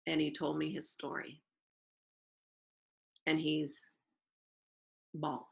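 A woman's voice: low-pitched, creaky, poor audio. A woman teacher telling stories in an interview, acting out quoted dialogue and circling back to repeat her phrases. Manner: lively storyteller who acts out quoted dialogue and repeats phrases. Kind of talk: storytelling in an interview.

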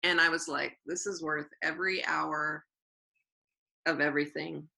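A woman's voice: low-pitched, measured pace, gravelly, rough recording. A woman teacher telling stories in an interview, acting out quoted dialogue and circling back to repeat her phrases. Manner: lively storyteller who acts out quoted dialogue and repeats phrases. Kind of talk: storytelling in an interview.

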